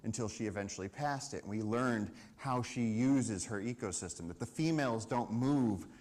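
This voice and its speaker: A man with a lowish voice tells a story on a live event stage. He talks in a lively, animated way and acts out what people said. He speaks into a stage microphone. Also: normal speed. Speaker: conservation speaker.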